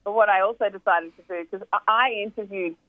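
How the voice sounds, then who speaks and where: A woman's voice: medium pitch, fairly quick, no room sound. Chatty woman on a tinny phone line. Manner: chatty, animated storytelling with asides. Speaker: documentary filmmaker, guest. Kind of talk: phone interview.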